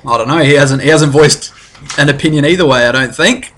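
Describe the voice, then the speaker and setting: Rambling game master, bright voice, slightly higher pitch. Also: male voice, fairly quick, a little hiss or hum. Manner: rambling, restarts often, laughs easily. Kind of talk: narrating a tabletop game.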